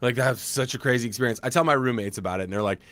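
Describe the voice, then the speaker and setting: A man in his thirties co-hosting a podcast, telling a story casually and acting out quoted lines loudly. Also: medium pitch, very fast. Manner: animated, acts out quoted lines in a loud raised voice. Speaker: podcast co-host.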